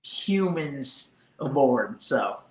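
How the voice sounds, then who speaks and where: A man who is a podcast guest, talking in a relaxed, halting way and restarting his sentences. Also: mid-range voice, roomy sound, low-quality recording. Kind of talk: casual chat.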